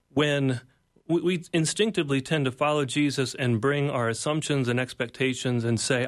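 A man's voice: mid-range voice, steady tone, moderate pace. A man, a pastor and author, speaking as an interview guest in an earnest, preacher-like way, building points through repeated phrases. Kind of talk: reflective devotional talk.

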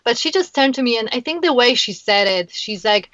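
A woman's voice: fairly high pitch, lively intonation, fairly quick, few pauses, fairly bright tone, no room sound. Earnest woman guest, muffled dry sound. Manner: earnest, emotional, with many restarts. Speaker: guest, founder of a kindness platform. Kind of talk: casual interview conversation.

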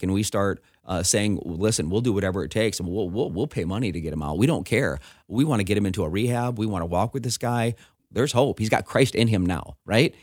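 A middle-aged man, a pastor, telling a personal story in casual conversation, animated and acting out the voices of the people in it. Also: fairly low pitch, dry recording, studio quality.

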